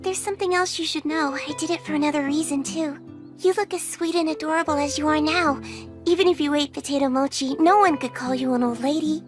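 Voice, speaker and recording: A woman's voice: high-pitched, fairly even intonation, brisk, music in the background, natural voice. A woman voicing a polite, earnest young witch girl in an anime dub.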